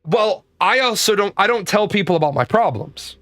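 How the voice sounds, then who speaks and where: A man's voice: high-pitched, lively intonation, normal speed, fairly bright tone, no room sound, studio quality. A man giving a blunt, profane, rambling comedic monologue from his office. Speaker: comedic commentator.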